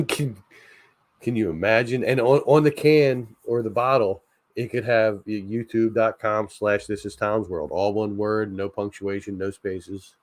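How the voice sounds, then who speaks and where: Laid-back joking man with a lowish voice. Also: steady tone, a little slow, dry recording. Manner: joking, rambling, laughs often at his own ideas. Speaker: channel host. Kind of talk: casual late-night chat stream.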